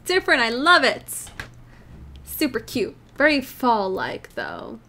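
A woman's voice: high voice, huge pitch swings, slow, pushed and bright, slight background noise. A young woman casually narrating a life-sim game from her room at home, chatty, rambling and upbeat, reacting aloud as she plays. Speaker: gaming channel host. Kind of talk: casual let's play commentary.

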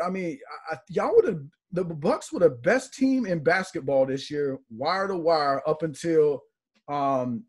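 A man's voice: a little high, breathy edge. A man co-hosting a sports chat, earnestly and with exasperation critiquing a team's play. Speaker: podcast co-host. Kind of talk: casual sports analysis.

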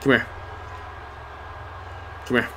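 A man's voice: takes it slowly, a crowd in the background. A man playing a wrestling video game, muttering and swearing at the screen in frustration. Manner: talks to himself and the screen. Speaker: gamer. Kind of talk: casual gameplay commentary.

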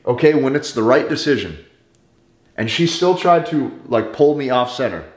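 A man's voice: mid-range voice, animated, normal speed, reverberant. A man hosting a dating-advice monologue straight to camera, talking in an insistent, emphatic way and repeating phrases to drive his point home.

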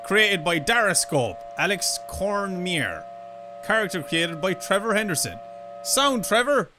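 A young Irish man commentating a horror game from a desk mic, his voice high and all over the place as he jumps from chatter to sudden yelps. The tone is bright and sharp, with a faint hum of room ambience underneath. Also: unhurried, poor audio. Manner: excitable, swearing, yelps and screams when startled. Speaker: gaming YouTuber.

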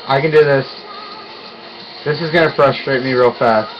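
A young man giving casual let's-play commentary, excitable and quick to yelp and groan when he fails. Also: medium pitch, highs cut off, soft background music. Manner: excitable, yelps and groans at failures. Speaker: gaming YouTuber.

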